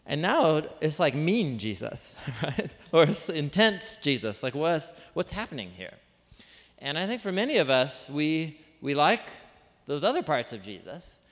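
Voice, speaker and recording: A man's voice: on the high side, sing-song, unhurried, fairly bright tone. A man preaching a sermon as pastor in an informal, conversational way, full of asides, rhetorical questions and self-deprecating jokes, speaking to a live congregation. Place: large room with a live congregation. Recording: long reverb of a large hall.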